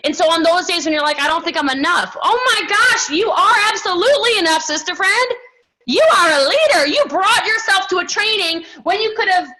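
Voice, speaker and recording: A woman with a high, bright voice gives a fired-up motivational pep talk. She is sassy and animated, and throws in quick asides to her listeners. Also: low-quality recording. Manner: animated and sassy, acts out other people's voices; emphatic, many "okay?" and "right?" asides. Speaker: motivational speaker at a team training.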